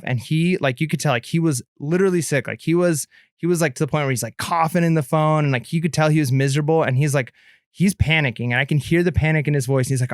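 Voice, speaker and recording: A man's voice: a little high, fast, no echo, clean studio sound. A man in his thirties co-hosting a podcast, chatting casually and telling a long story with many fillers and restarts. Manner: rambling, lots of filler and restarts. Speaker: podcast co-host.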